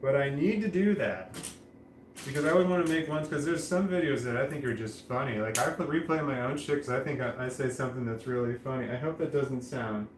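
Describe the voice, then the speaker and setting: A man vlogging casually to camera, speaking in a flat, droning monotone with a slight lisp on his S sounds and frequent restarts. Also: mid-range voice, fairly quick, roomy sound, slight background noise, low-quality recording.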